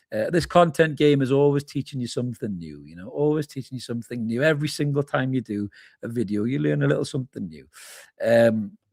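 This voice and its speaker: A man's voice: medium pitch, creaky, a little mellow, dry recording, studio quality. A man hosting a live fan reaction stream, chatting informally as he reads out viewers' comments and calls them mate. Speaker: fan channel host. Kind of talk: live match reaction, reading chat comments.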